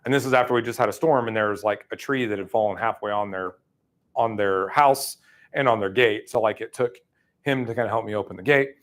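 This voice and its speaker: A middle-aged man leading a sales training, telling stories casually and acting out quoted lines with sudden jumps in pitch. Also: brisk. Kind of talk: casual training talk with storytelling.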